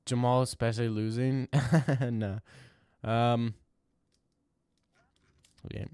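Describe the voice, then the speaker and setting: Loud ranting young male streamer. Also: medium pitch, little pitch movement, slow pace, clean tone, dry recording, studio quality. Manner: loud, mock-outraged ranting. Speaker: streamer reading chat. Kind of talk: casual live stream chat reactions.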